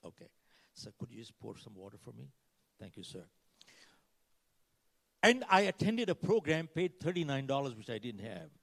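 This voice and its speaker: This older man's mid-range voice swings widely in pitch, creaky and at a moderate pace, with long pauses. As a motivational speaker giving a keynote to a live conference-hall audience, he dramatizes stories, acts out dialogue, and asks the crowd questions, with reverberant hall sound.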